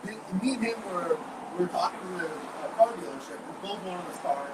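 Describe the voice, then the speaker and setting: A man's voice: high-pitched, lively intonation, a little fast. Blunt, swearing man in a roomy space. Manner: blunt, swears freely, acts out inner voices. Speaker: guest. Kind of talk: candid podcast conversation. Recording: roomy, distant mic with background noise.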